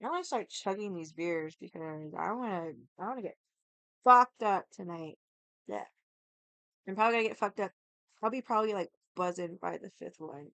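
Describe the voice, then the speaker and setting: A young woman livestreaming in casual chat, hoarse from yelling and rambling with lots of "like". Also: lowish voice, normal speed, dry recording. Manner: rambling, heavy use of "like".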